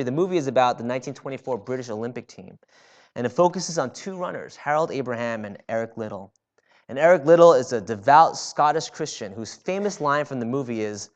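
Conversational male preacher. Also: mid-range voice. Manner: conversational with frequent "right?" asides. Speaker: pastor. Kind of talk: sermon.

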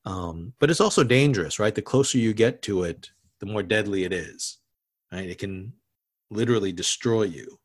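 A man preaching a sermon as pastor, conversational, often restarting and adding asides, dropping to a hush on solemn words. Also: fairly low pitch, moderate pace.

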